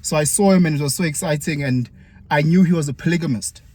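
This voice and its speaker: Chatty South African man telling a story. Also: fast. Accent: South African, KwaZulu-Natal. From KwaZulu-Natal, South Africa. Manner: chatty, lively, jumps up in pitch when acting out quoted people. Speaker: former teacher, vlogger. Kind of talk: personal storytelling vlog.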